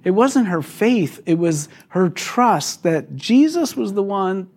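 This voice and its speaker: A man's voice: high voice, very animated, slow, darkish tone. A man, a pastor, preaching a conversational sermon to his congregation, asking questions and laughing often. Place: church hall.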